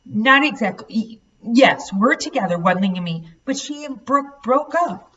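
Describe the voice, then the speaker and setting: A woman's voice: a little high, lively intonation, measured pace, a bit bright, voice pushed up. A woman reading a novel aloud, voicing a guilty eighteen-year-old son who answers hesitantly and helplessly. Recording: dull, slightly distant recording.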